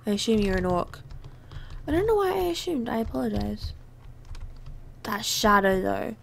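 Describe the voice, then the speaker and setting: A woman's voice: medium pitch, sing-song, moderate pace, vocal fry, a little hiss or hum. A young woman giving chatty let's play commentary, bubbly and easily distracted, often apologizing, and a little under the weather. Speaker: gamer.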